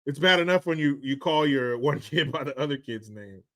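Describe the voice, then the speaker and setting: A man's voice: a little high, expressive, moderate pace, pushed and bright. A man giving a profane, rambling commentary rant on his vlog, blunt and sarcastic, with frequent restarts. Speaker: vlogger.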